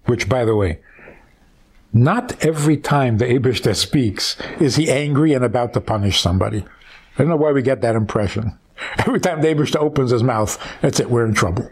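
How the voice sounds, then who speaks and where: A man, a rabbi, retelling a scripture story as a teaching, conversational and animated, asking rhetorical questions. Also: medium pitch, fairly quick, husky.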